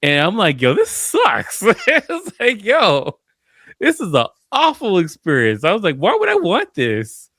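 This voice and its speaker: A man's voice: high-pitched, wildly swooping pitch, unhurried, a bit bright, dry recording, studio quality. A man who is a DJ and producer, chatting casually on a podcast, laughing often and acting out his own past thoughts as quotes.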